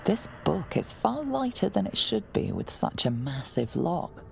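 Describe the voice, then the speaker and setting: A woman narrating a video game in a hushed, measured storytelling manner. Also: on the low side, sing-song, gravelly, a little hiss or hum. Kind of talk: scripted narration.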